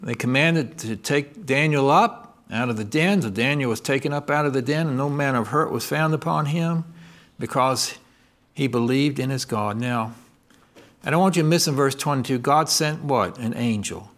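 A man preaching a sermon, asking his listeners questions and moving between loud emphatic lines and low quiet ones. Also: moderate pace. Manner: asks the congregation call-and-response questions.

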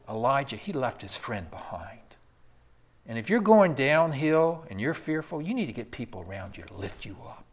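Delivering a sermon, a man with a mid-range voice moves between loud, emphatic peaks and hushed whispers. He keeps firing rhetorical questions at the congregation.

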